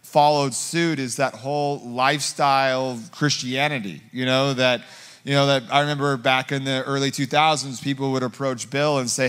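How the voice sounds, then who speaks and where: Rambling guest pastor in a reverberant church. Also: male voice, mid-range voice, normal speed, smooth. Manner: rambling, filler-heavy, animated when quoting himself. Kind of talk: conversational sermon storytelling. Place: church sanctuary. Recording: long hall reverb.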